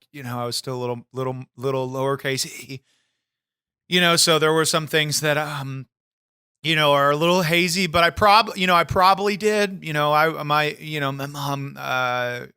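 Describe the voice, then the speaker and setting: A man's voice: fairly high pitch, bright, forceful tone, clear, resonant tone, dry recording, studio quality. A man co-hosting a comedy wrestling podcast in a brash, rambling, profane persona. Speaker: podcast co-host.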